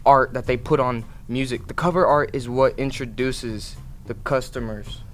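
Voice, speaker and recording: A young man in a casual chat, talking in halting, emphatic bursts with many restarts. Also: mid-range voice, fairly even intonation, fairly bright tone. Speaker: co-host.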